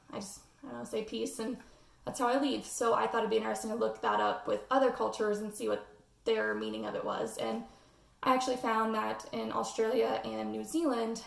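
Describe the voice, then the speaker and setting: A woman's voice: a little high, creaky, distant mic. Hesitant American woman, echoey room. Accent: General American. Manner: hesitant, many "um" fillers. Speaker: student presenting a class assignment. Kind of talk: casual spoken class presentation.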